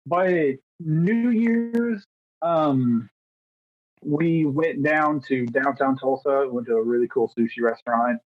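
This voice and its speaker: A man's voice: mid-range voice, takes it slowly. A thirty-year-old man co-hosting a podcast, chatting casually in a rambling, self-deprecating way and acting out little exchanges. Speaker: podcast co-host. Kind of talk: casual chat. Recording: dull, dry lo-fi sound.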